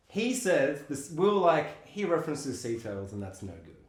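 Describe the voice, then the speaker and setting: Animated man riffing in a roomy echo. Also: on the high side, unhurried. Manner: animated, laughs often, acts out movie lines in silly voices. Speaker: podcast co-host. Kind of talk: casual movie chat.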